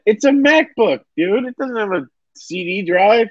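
A young man with a high, animated voice hosts a casual livestream chat at a measured pace, laid-back as he rambles and swears with plenty of fillers. The recording is dry, with no echo and a dull lo-fi sound.

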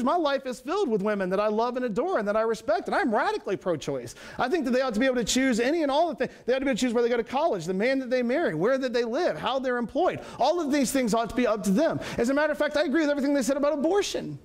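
A man's voice: very high voice, sing-song, racing, few pauses. A man from Georgia giving a lecture, telling folksy stories and making his points with emphasis. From Georgia, USA. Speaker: apologetics speaker. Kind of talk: public lecture. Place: lecture hall.

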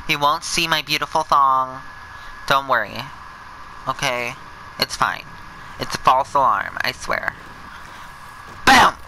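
Campy male let's-play host, over the top, leisurely pace, a very bright voice. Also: medium pitch, a little slow, pauses often, a little hiss or hum, low-quality recording. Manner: sassy, camp, over-the-top; shouts bursts of excitement. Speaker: gameplay commentator.

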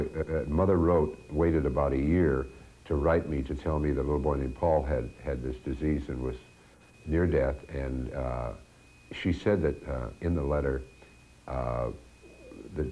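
An older man, once a children's TV host, recalls stories from his show in an unhurried, hesitant interview. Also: rumbling low, warm tone. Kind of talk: reminiscing interview.

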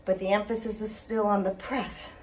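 A woman's voice: mid-range voice, little pitch movement, slight background noise. A woman fitness instructor talking through an exercise routine step by step, with a cheerful greeting and sign-off. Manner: slow, deliberate coaching with cheerful sign-off.

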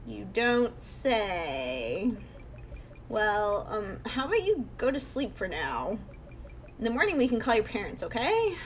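A woman's voice: a little high, sing-song, takes it slowly, slight background noise, exaggerated voice. A woman as a wry young landlady. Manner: dry, mildly sarcastic. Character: young woman running a guesthouse, wary.

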